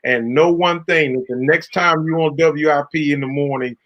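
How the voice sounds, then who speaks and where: A man's voice: fairly high pitch, fairly even intonation, normal speed, dull audio. A man hosting a faith talk show, speaking in a preacherly, affectionate, exhorting way. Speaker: host. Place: Carolina.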